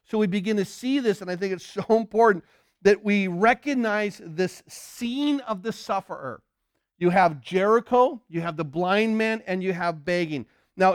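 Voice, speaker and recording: A male preacher delivers a lively sermon in a fairly high voice. He throws rhetorical questions at his listeners and swings between loud bursts and hushed lines. The recording is dry and close. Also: no echo. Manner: animated, acts out shouts and crowd voices.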